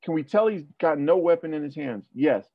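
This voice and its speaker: A man's voice: fairly high pitch, expressive, fairly quick, no echo, muffled recording. A man working as a police tactics trainer, talking through a debrief and asking rhetorical questions. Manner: explanatory, asks rhetorical questions.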